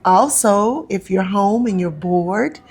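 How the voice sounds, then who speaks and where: A woman from North Carolina, a guest talking casually in an interview, with many ums and pauses. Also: medium pitch, husky. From North Carolina, USA. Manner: chatty, frequent ums and pauses. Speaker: actress and comedian guest.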